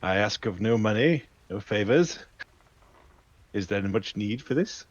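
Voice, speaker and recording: A man voicing a pompous, indignant gentleman in disguise, pleading in flowery, melodramatic words. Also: lowish voice, expressive, unhurried, dull audio. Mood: imploring.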